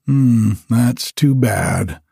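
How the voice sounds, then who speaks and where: A gloomy young glass blower, as a man reads him, low and unhurried with a mellow, husky tone. The delivery is dry and close to the mic. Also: animated, dry recording, exaggerated voice.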